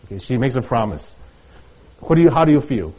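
Husky-voiced middle-aged male preacher. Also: medium pitch, sing-song, dark tone. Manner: conversational, halting with many restarts and light laughs. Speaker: pastor. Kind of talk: sermon.

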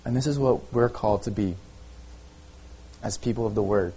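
A man's voice: lowish voice, normal speed, mellow, husky, low-quality recording. Casual conversational male preacher. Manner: conversational preaching with frequent "okay?" and "like". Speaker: pastor. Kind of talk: sermon.

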